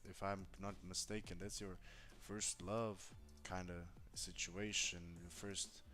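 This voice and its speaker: A man's voice: sits low, little pitch movement, slow, pushed and bright, soft background music. Profane chatty man streaming advice. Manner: chatty, profane, reassuring, talks straight to a viewer. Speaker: streamer giving relationship advice. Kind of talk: casual live-stream chat.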